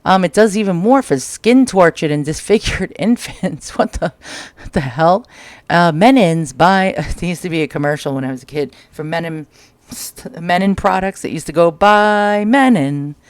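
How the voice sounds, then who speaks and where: A New York-accented vlog host, voice on the high side and speaking at a normal speed, flips through old magazine ads at home and reads them out with crude jokes. The recording is dry, with a dryer tapping in the background of his small home.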